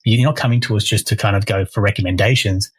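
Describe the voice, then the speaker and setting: A man's voice: on the low side, steady tone, fast, husky, no room sound, poor audio. A man, co-hosting a casual podcast as a mortgage broker, talking energetically and often restarting his phrases.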